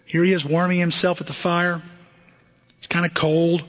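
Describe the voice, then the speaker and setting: A middle-aged man preaching a sermon as pastor, animated and conversational, often asking the congregation questions. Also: high-pitched, moderate pace. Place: church sanctuary. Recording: dull, muffled sermon recording with long hall reverb.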